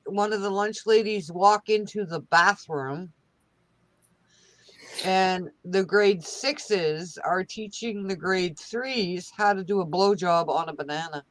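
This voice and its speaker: A woman slowly telling a story about her son in a casual chat. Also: medium pitch, no echo.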